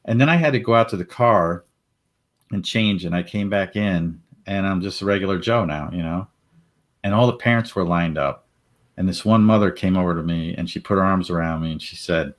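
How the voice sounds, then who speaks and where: A middle-aged man with a very low, deep voice, chatting casually on a panel. He tells his story in an animated way, laughing often and acting out the voices of others. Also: brisk. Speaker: panel guest.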